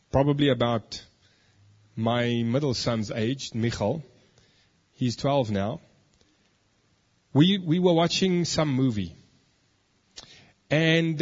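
A man, preaching a sermon and telling his own testimony, moving between hushed asides and emphatic declarations. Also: medium pitch, dull audio. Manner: storytelling, swings from hushed to emphatic.

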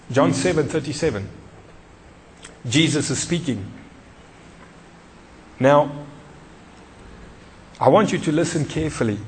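A man's voice: on the high side, lively intonation, slow pace, pauses often, long reverb tail, slight background noise. A man preaching a sermon, emphatic and repetitive, putting questions to the congregation. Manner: emphatic, repeats key phrases, questions the congregation.

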